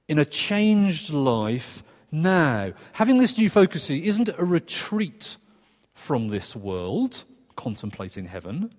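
A man preaching a sermon in a conversational, earnest way, with quick asides and restarts. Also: fairly high pitch, very animated, a little mellow. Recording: long reverb of a church hall.

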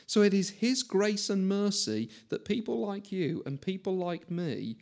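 Chatty preacher, slightly high voice. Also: male voice, very animated, measured pace, darkish tone. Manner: chatty, self-mocking, asks listeners questions. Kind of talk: conversational sermon.

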